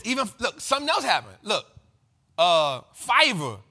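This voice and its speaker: High, forceful man hosting. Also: gravelly. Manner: emphatic, slangy, repeats lines for effect. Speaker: host of a finance show. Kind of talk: energetic market commentary.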